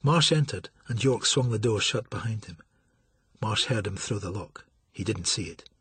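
A man reads an audiobook with steady, dramatic storytelling. His voice is husky yet bright. The recording is close and dry. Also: on the low side, moderate pace, no echo. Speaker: narrator. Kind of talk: audiobook narration.

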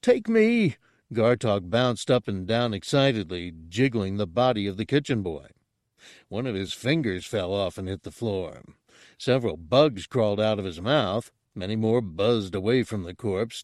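A man narrating an audiobook in a steady, unhurried storytelling manner. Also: on the low side, no room sound, clean studio sound.

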